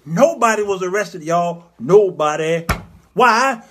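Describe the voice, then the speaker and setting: A man hosting a comedy talk show, telling a satirical story in an animated way and jumping into put-on voices. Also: sits high, measured pace.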